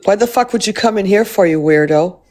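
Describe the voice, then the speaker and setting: A woman's voice: mid-range voice, brisk, darkish tone. Blunt, swearing Canadian woman hosting a live. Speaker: livestream host. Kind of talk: livestream commentary.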